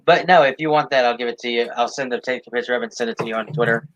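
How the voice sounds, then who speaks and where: A man joining a casual stream chat as a guest, talking in a hesitant, halting way with many pauses. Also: medium pitch, a bit bright, dull audio, slight background noise. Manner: hesitant, halting, lots of fillers.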